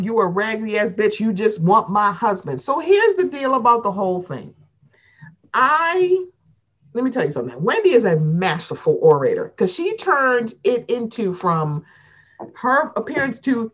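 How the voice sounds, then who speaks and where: Animated woman dishing gossip. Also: on the high side, normal speed, muffled recording. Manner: animated, acts out quotes with playful voices, profane. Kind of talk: casual chat recapping reality TV.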